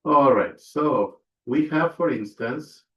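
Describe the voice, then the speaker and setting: A man's voice: medium pitch, takes it slowly. A man teaching a language pronunciation lesson, repeating each example word and checking in with his listeners. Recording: echoey room, dull lo-fi sound.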